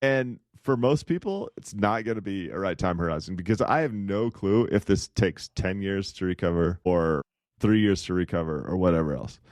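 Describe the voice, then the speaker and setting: Low-voiced man, dry podcast chat. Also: expressive, moderate pace, a little mellow, no echo. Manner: contrarian, rambling, chuckling. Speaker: podcast co-host. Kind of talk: casual investing chat.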